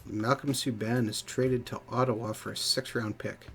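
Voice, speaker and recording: With soft music in the background, a man casually talks through his moves in a hockey management game on stream, muttering as he reads the results. His mid-range voice is husky and moderately paced, offering a relaxed play-by-play of the menus.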